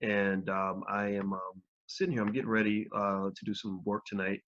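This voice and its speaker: This is a man with a lowish voice, hosting a casual livestream and talking straight to his viewers. He is frank and swears without holding back. The audio is dull and lo-fi. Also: level tone, normal speed, a bit bright. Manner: frank, talks to viewers directly, swears freely. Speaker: host of a live video channel.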